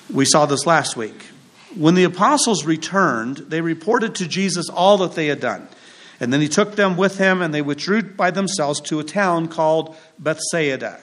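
A man's voice: fairly high pitch, fairly bright tone. A man preaching a sermon in a church, conversational and joking as he leads the congregation through scripture. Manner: conversational preaching with humorous asides. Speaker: pastor.

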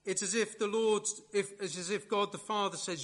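A man preaching a sermon in a measured, emphatic way, leaning hard on key words. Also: sits high, steady tone, a bit bright.

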